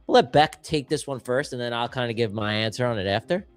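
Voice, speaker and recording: A man talks through trades on a live stream, animated and full of slang. His voice sits at an ordinary middle pitch. Soft music runs quietly behind him. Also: fast talker, smooth. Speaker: trading stream co-host. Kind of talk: live-stream trading chat. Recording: faint music in the background.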